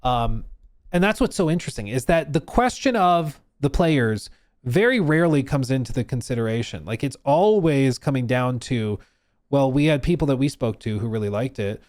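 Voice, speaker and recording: A man's voice: medium pitch, animated, moderate pace, a little mellow. A man streaming live, ranting through reaction commentary with emphatic repetition. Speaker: streamer and host.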